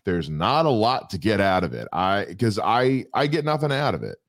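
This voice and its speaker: A man's voice: fairly low pitch, very animated, moderate pace, dry recording, studio quality. A young adult man co-hosting a podcast, chatting casually with a wry, rambling manner and many restarts. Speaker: podcast co-host. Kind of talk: casual chat.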